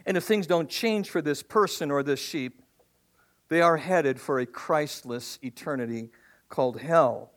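A male pastor preaching a sermon, animated and asking the congregation questions. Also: fairly high pitch, a little slow.

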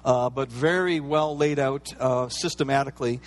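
A man with a mid-range voice preaches at normal speed as a pastor. The sermon feels relaxed and conversational, sprinkled with playful asides and the usual everyday fillers.

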